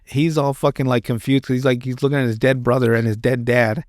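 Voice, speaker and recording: A man chats on a podcast in a loose, rambling way. He swears freely and restarts his sentences often. His voice sits at an ordinary middle pitch and sounds close and dry, with no room behind it. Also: flat delivery, fairly quick, darkish tone, no room sound. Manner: rambling and profane, with many restarts. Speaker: podcast host. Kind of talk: casual chat.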